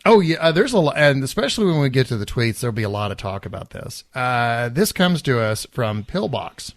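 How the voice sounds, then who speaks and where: A man's voice: medium pitch, big pitch swings, a little fast, hardly any pauses, no room sound. A man co-hosting a casual podcast, chatting with many fillers and restarts as he reads listener letters. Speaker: podcast co-host.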